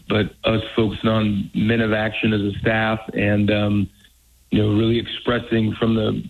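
A college football coach calls in to a radio show, speaking earnestly but haltingly with many restarts. His low, husky, gravelly voice stays flat. The call comes through a tinny phone line.

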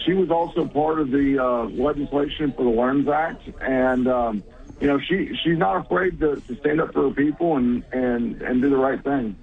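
A man co-hosting a casual radio chat, talking in halting bursts with many restarts. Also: medium pitch, breathy edge. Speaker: radio show co-host. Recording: phone-like narrow sound.

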